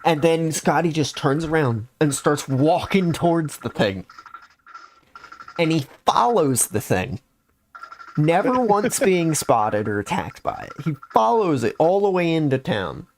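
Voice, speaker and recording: A man's voice: a little high, sing-song, measured pace, slight background noise. A young adult man casually recounting a game story on a podcast, rambling with lots of fillers. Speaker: podcast host.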